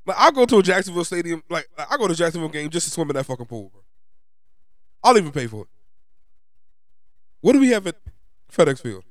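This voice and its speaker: A man's voice: a little high, sing-song, fast talker, pauses often, no room sound, clean studio sound. A young man from New York with a New York accent, ranting in a frustrated, profane, emphatic way as a sports fan vlogger.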